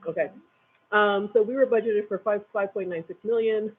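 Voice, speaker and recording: A man presenting a budget report at a school board meeting, reading out figures with frequent halting pauses, captured on a tinny, phone-like recording. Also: sits high, steady tone, breathy edge.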